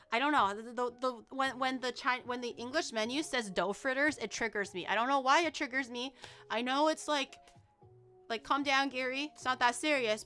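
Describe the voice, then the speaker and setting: A woman chatting casually on a cooking livestream, excitable and rambling, swearing freely as she goes. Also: on the high side, clean tone. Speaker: streamer cooking on stream.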